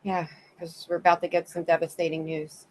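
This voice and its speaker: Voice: medium pitch, flat delivery, brisk, a little mellow, low-quality recording. A co-host on a true crime livestream, agreeing with the other host and greeting viewers in chat by name.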